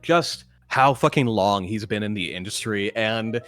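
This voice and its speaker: A man's voice: on the low side, unhurried, a bit bright. Casual swearing man on a voice call. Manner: casual, swears freely, laughs often. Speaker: guest voice actor. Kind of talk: casual chat.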